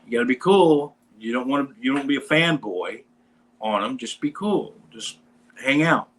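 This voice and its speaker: A man hosting a casual show, telling a rambling, animated anecdote about meeting a band. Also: medium pitch, normal speed, low-quality recording. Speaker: podcast host; bass player in a metal band. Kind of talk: casual storytelling chat.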